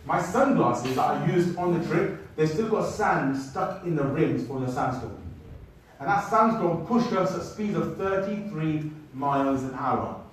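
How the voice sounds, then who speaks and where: A man telling a travel story to an audience in an animated way, speaking to them directly. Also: a little high, a little slow, slight background noise. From United Kingdom. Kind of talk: storytelling talk. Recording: echoey hall, mic at a distance.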